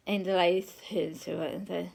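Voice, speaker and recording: Woman, psychic, low creaky voice, rambling off-the-cuff storyteller. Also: fairly even intonation, a little fast, a little mellow, low-quality recording. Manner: rambling and conversational, often trailing off with "kind of thing". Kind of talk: personal storytelling monologue.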